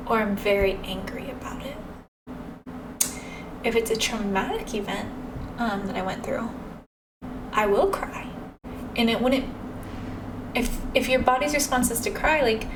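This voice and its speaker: A woman giving casual reaction commentary in a matter-of-fact, reflective way. She speaks slowly. Her voice sounds distant from the mic, with clear background noise behind her. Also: fairly high pitch. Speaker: reaction video host.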